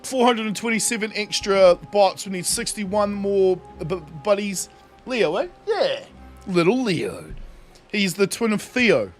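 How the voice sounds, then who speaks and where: A man's voice: sits high, very animated, unhurried, faint music behind. A young man casually commenting on his game during a livestream, laughing often and swearing freely. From New Zealand. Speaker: streamer.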